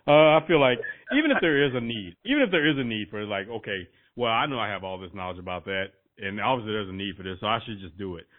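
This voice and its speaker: A man's voice: fairly low pitch, fast, few pauses, no echo. A man chatting as a host, telling stories bluntly and laughing often. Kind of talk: casual profane chat. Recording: tinny phone-like dry sound.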